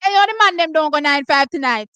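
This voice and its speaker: Loud, excitable, and losing her voice, a hoarse Jamaican woman hosts a track and field watch party, reacting live to races with exclamations in a mix of patois and English. She speaks fast in a high, sharp voice, captured in a low-quality recording without echo.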